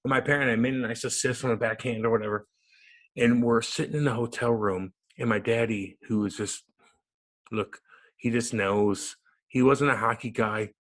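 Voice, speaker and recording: A man in his thirties, a podcast guest, telling stories in a lively, profane way and acting out quotes. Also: mid-range voice, normal speed. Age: 30s. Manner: animated, profane, acts out quotes. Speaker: podcast guest, former hockey player. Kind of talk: casual storytelling interview.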